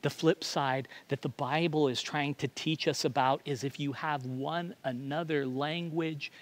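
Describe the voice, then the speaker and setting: A man's voice: fairly high pitch, steady tone, unhurried. A male pastor preaching a sermon in a confessional, self-deprecating way, often stammering and restarting.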